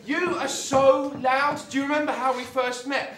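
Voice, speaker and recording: A man's voice: extremely high pitch, flat delivery, normal speed, a bit bright, faint music behind. An actor playing a teasing Anglo-Scottish husband who mocks his wife with dry, sarcastic jabs. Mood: mocking. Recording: roomy live stage sound.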